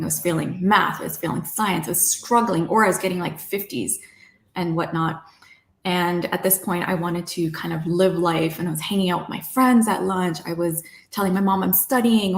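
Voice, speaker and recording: A young woman from Canada, a guest telling her life story in a lively way, acting out herself and her parents as she goes. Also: lowish voice, echoey room. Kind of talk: personal storytelling.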